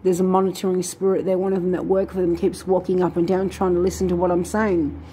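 A woman's voice: fairly low pitch, flat delivery, fast, warm tone, a little hiss or hum. A woman vlogging, telling a long, aggrieved story full of fillers and restarts. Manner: aggrieved, indignant retelling with many fillers and restarts. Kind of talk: rambling personal storytelling.

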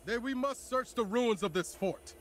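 A man's voice: extremely high pitch, expressive, normal speed, slight background noise. An actor playing a young man who loves LARP and talks in grand mock-medieval phrases in a video game. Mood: grandiose. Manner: grand archaic speech, snaps into plain swearing. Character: young male LARP fan, pompous mock-medieval talk.

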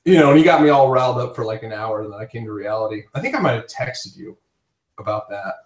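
A man's voice: lowish voice, expressive, fast. A man hosting a casual chat, telling rambling stories with frequent laughs. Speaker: podcast host. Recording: roomy, distant from the mic.

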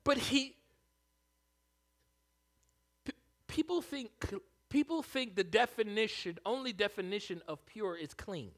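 A man preaching a sermon as pastor, animated, swinging from hushed asides to loud calls. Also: high-pitched, normal speed.

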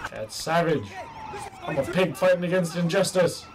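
A man's voice: fairly high pitch, animated, moderate pace, very noisy. A young man giving joking gameplay commentary, goofily talking back to game characters. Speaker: gaming YouTuber. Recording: gameplay audio with sirens under voice.

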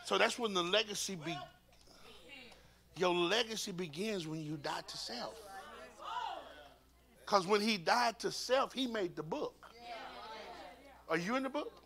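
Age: adult. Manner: animated, booming preacher. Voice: a man, high and bright. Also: measured pace, gravelly, long pauses. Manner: animated, repeats words, bursts into shouts. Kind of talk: preaching church talk. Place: church.

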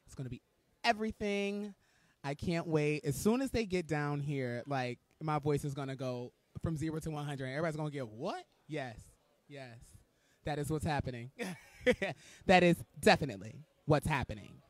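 A man's voice: fairly high pitch, normal speed, dry recording. Gushing, campy male red carpet host. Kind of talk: live red carpet commentary. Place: indoor red carpet event.

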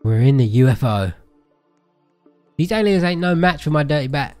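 A man chatting playfully while playing a video game with a friend, quick to laugh and yelp. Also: fairly high pitch, expressive, darkish tone, faint music behind. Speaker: gaming YouTuber. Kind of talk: casual game chat.

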